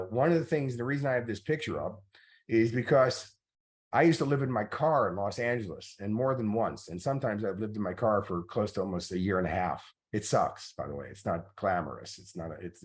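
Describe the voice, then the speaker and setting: A middle-aged man, a motivational coach, tells stories in a master class talk, with many fillers along the way. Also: fairly low pitch. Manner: anecdotal storytelling with many fillers.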